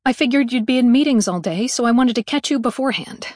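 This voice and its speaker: A woman reading an audiobook, voicing a blunt, sarcastic young heroine who snaps back fast. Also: a little high, darkish tone, dry recording, studio quality, natural voice. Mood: snappy. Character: brash, impatient young woman on a space station.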